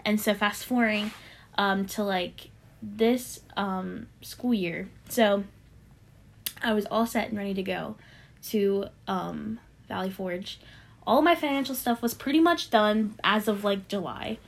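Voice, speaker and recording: A young woman casually telling a personal faith testimony on a podcast, animated and full of fillers, acting out what others said. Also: medium pitch, measured pace, gravelly. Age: young adult. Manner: animated storyteller with many fillers, acting out quoted voices. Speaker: podcast co-host sharing a testimony.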